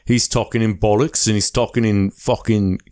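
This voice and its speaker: A young man with an ordinary mid-pitched voice, talking bluntly and casually on a podcast. He swears a lot and keeps things offhand and loose. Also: steady tone, normal speed, a little mellow. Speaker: podcast co-host. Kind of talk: casual crude banter.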